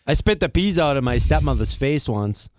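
A man's voice: medium pitch, animated, moderate pace, dry recording, studio quality. A man co-hosting a podcast, trading jokes and childhood stories in casual banter. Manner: joking, chatty banter. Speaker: podcast co-host. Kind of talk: casual chat.

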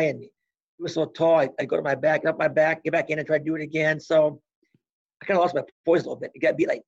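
A former college wrestler in his sixties, with a gravelly, husky, slightly high voice, tells animated stories as a guest in a casual interview. He acts out old conversations, and the recording is dull and lo-fi.

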